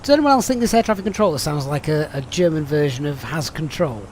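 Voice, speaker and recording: A man's voice: on the high side, animated, fast, darkish tone, a little hiss or hum. A man with a Yorkshire accent chatting and joking with viewers while flying a simulator on a live stream. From Sheffield, England. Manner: chatty, jokey, reads out viewer messages. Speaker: flight sim streamer.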